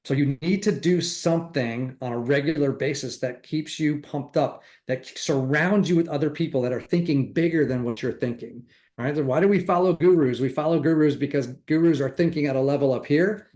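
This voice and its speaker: A man's voice: fairly high pitch, darkish tone. Upbeat man coaching on a call. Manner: enthusiastic, acts out quoted chatter. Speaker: real estate coach. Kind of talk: motivational training talk.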